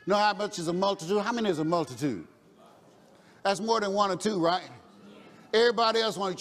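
A man with a high voice preaches a sermon in call-and-response style. At times he rises to a shout or a chanted refrain. The voice rings with long reverb in a church hall. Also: lively intonation, fast.

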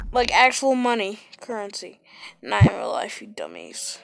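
Woman, casual gameplay commentary, sarcastic, slightly high voice, close mic, loud game music. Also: sing-song, unhurried, vocal fry. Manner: sarcastic, jokey, sudden exclamations.

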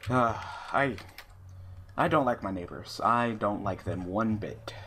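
A man's voice: lowish voice, unhurried, a bit bright, a little hiss or hum. A man telling a profane, ranting story while commentating a card game he is playing. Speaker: gaming YouTuber. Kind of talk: venting commentary over card game play.

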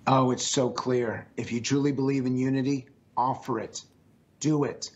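A pollster answers questions as a guest in a remote interview, his medium-pitched voice fairly even at normal speed on a muffled recording. Earnest and emphatic, he sounds strained and often repeats his phrases.

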